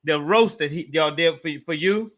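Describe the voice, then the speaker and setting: A man's voice: a little high, moderate pace, fairly bright tone. A man in casual podcast chat, earnest and rambling, repeating words as he goes.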